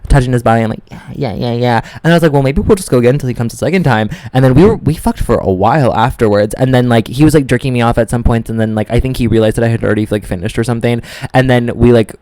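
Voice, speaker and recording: A young man, podcast co-host, telling a story in casual chat, full of "like" and lively quoted voices. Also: medium pitch, rapid-fire, dry recording.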